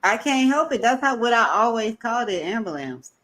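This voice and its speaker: A woman's voice: on the high side, very animated, a little fast, a bit bright. Giggly lady co-hosting a laid-back livestream chat, laughs at herself a lot. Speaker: livestream co-host. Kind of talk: casual live chat.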